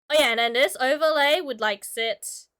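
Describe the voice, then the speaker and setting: Drawing on stream, an illustrator talks casually to her audience in a high, smooth, slightly bright voice at an unhurried pace. She giggles often, leans on filler words, and coughs from time to time since she's sick.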